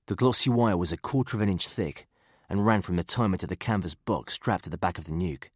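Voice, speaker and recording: Deep husky guy reading a thriller audiobook, dry close sound. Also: a little fast, dry recording. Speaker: audiobook narrator. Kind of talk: scripted thriller narration.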